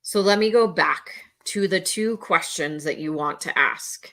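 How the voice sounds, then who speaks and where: Bright-voiced woman teaching calmly. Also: fairly low pitch, a little slow, few pauses. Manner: earnest, repeats key phrases, acts out panicked voices. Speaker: mental health educator. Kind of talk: instructional talk to camera.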